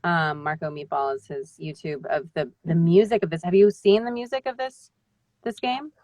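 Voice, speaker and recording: A woman's voice: lowish voice, moderate pace, darkish tone, no echo. A woman, a voice actor, chatting in a rambling way with lots of fillers on a video call. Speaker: voice actor guest. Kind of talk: casual live-stream chat.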